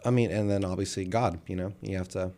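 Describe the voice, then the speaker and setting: A man's voice: sits low, fairly even intonation, fast talker, dark tone. A man co-hosting a casual political podcast, laid-back and teasing in a dry way. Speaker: podcast co-host.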